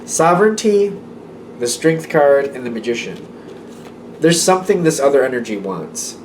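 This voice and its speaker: A man's voice: medium pitch, very animated, moderate pace, a little mellow, far from the mic, a little hiss or hum. A man giving a casual tarot reading, chatty and repetitive, with small laughs between his thoughts. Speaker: tarot reader.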